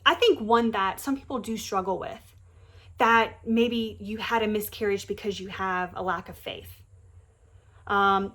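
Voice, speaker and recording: A faith vlogger speaks directly to the camera about pregnancy loss in a heartfelt talk, sharing her belief earnestly and emphatically. Her medium-pitched, fairly bright voice stays conversational, with many fillers and restarts.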